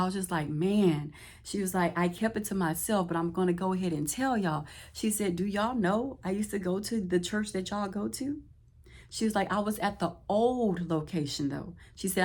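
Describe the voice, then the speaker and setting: A woman chats to the camera, and her slightly low voice leaps up high whenever she acts out someone else's words. She laughs often and keeps the story moving in lively, casual bursts. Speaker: vlogger. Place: Houston, Texas.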